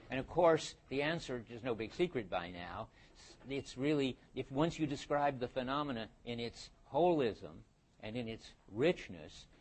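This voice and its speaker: Older male professor, lecture hall, halting delivery full of restarts. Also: mid-range voice. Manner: halting, restarts and thinks aloud. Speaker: philosophy lecturer. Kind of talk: university lecture.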